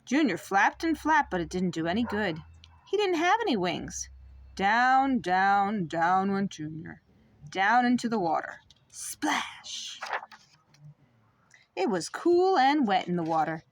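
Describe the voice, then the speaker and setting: A young mother reading a picture book aloud to her child, in an expressive, sing-song way. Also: mid-range voice, unhurried, dry recording.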